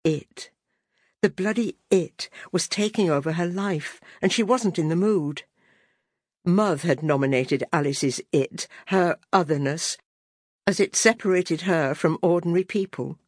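A woman narrating an unabridged audiobook in a measured, deliberate reading voice. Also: on the low side, darkish tone, no room sound, clean studio sound.

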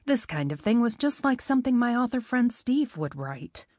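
A woman reading a first-person novel in a wry, expressive way. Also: a little high, normal speed, no room sound, studio quality. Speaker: audiobook narrator.

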